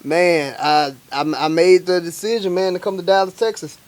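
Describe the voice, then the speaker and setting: A young adult man from Alabama, a guest chef telling stories in casual, animated talk full of slang fillers. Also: sits high, moderate pace. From Montgomery, Alabama, US. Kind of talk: casual storytelling.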